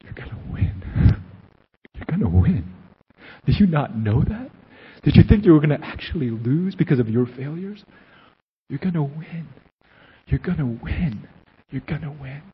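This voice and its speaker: A man voicing a calm, beaming football coach who speaks with assurance, repeating himself in a husky voice. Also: fairly high pitch, normal speed, long reverb tail, dull audio, voice pushed up. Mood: assured. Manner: assured, insistent repetition.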